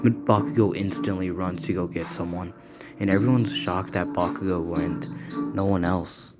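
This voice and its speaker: A man's voice: low-pitched, fairly even intonation, normal speed, loud music behind the voice. A man casually narrating a fan story, rambling and restarting his sentences often.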